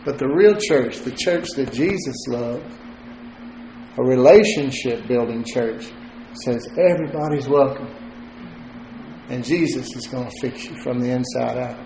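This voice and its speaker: A man's voice: medium pitch, a little slow, creaky, dark tone, slight background noise. A male pastor delivering a sermon in a loose, conversational way, joking at times and repeating words as he thinks. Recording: roomy echo.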